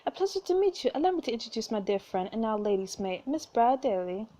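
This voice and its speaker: A woman's voice: a little high, big pitch swings, quick pace, warm tone. A woman reading an earnest young heroine. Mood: polite.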